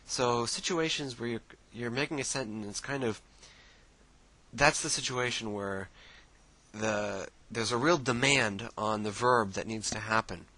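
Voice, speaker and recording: Relaxed male tutor with a bright tone and a mid-range voice, talking through a screen share with loose fillers. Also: medium pitch, a little slow, low-quality recording. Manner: casual, relaxed teaching with many fillers and restarts. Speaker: language teacher.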